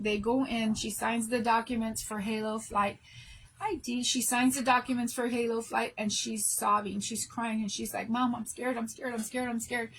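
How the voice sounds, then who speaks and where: A woman's voice: on the high side, breathy edge, low-quality recording. A middle-aged woman hosting a craft channel, talking to her viewers in an emotional, rambling way and restarting sentences, worn out from no sleep. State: exhausted from no sleep. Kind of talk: casual live chat to viewers.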